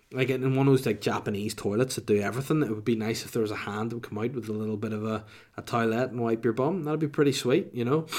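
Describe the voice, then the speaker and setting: A man's voice: medium pitch, darkish tone. Sniffly Northern Irish man rambling jokily. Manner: jokey, rambling, self-mocking. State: sniffly with a cold. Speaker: podcast host. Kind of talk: casual rambling podcast chat.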